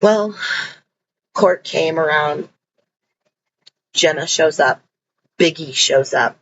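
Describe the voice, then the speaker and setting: A woman's voice: sits low, slow, highs cut off, a little hiss or hum. A woman telling her own story in a casual, blunt and emphatic way, swearing freely.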